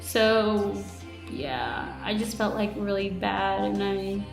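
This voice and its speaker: A woman's voice: medium pitch, slow, vocal fry, echoey room, soft background music. A woman in her twenties telling her day in a casual video diary, chatty and full of "like", acting out what people said to her. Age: 20s. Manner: chatty, lots of "like", retells with quoted reactions. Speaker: vlogger.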